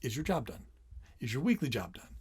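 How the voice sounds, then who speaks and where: A middle-aged man co-hosting a casual parenting podcast, talking animatedly and acting out his kids' lines in quick quoted bits. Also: mid-range voice, big pitch swings, a little mellow, slightly rough. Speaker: podcast co-host.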